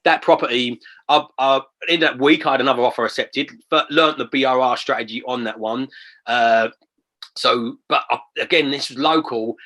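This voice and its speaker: A man talks in a chatty, animated way, telling stories as a guest on an interview show. His voice is bright and forceful, mid-pitched for a man. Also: moderate pace. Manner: chatty, animated, acts out quoted phone calls. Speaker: property investor guest. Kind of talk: casual interview storytelling.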